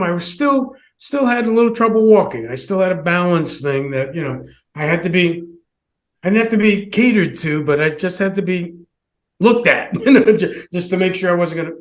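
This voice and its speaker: A man's voice: high-pitched, expressive, normal speed. A man who hosts a podcast, telling a personal story with many restarts and short laughs. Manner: rambling, many restarts, laughs between phrases. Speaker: podcast host.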